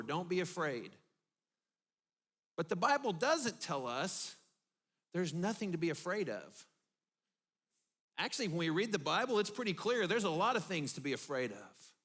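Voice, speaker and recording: Preaching in a church, a pastor tells his story vividly, using dramatic pauses and dropping his voice low for emphasis. His tone is a bit bright.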